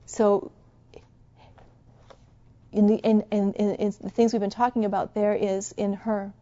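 A woman preaching a sermon, soft and musing at times and fervently exhorting at others. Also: mid-range voice, little pitch movement, unhurried, highs cut off.

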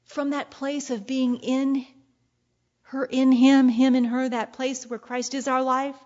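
Woman preacher, fairly high-voiced, lively sermon delivery, muffled lo-fi sound. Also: measured pace. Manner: playful and animated, often laughing and acting out quoted lines.

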